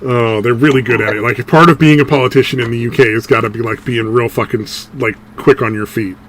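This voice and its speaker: A man's voice: medium pitch, fast talker, slight background noise. Man ranting in profane podcast chat. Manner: animated, swearing, laughing at own jokes. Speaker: podcast co-host.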